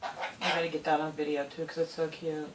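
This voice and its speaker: A woman's voice: sits low, monotone, fairly quick. Chatty woman filmed in a roomy house. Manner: chatty, switches to cooing baby talk with her birds. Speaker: pet owner vlogger. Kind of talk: casual home video chat. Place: home with parrots in the room. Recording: roomy, distant, noisy home audio.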